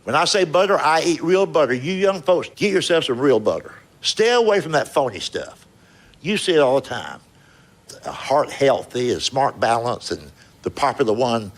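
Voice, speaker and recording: A middle-aged American comic delivers folksy, storytelling stand-up in a punchy drawl on a live stage, his audience laughing loudly amid noise. His mid-range voice is sing-song and a little slow, and the recording is rough.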